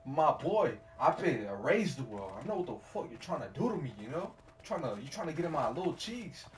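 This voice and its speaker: A man's voice: fairly high pitch, big pitch swings, brisk. A man streaming a game while telling a rambling, slangy, profane story in casual chat. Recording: distant mic with faint noise.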